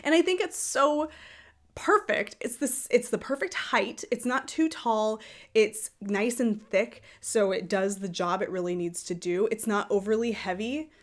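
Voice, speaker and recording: A woman's voice: mid-range voice, measured pace. A woman hosting a knitting podcast, chatting casually in a rambling, self-correcting way. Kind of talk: casual chat.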